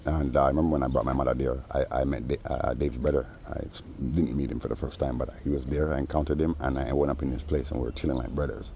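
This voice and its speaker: A man's voice: extremely low pitch, fairly even intonation, fast talker, hardly any pauses, dark tone, slight background noise. A man vlogger telling a story in a casual, rambling monologue full of slang and frequent asides. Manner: rambling, street slang, frequent "you know".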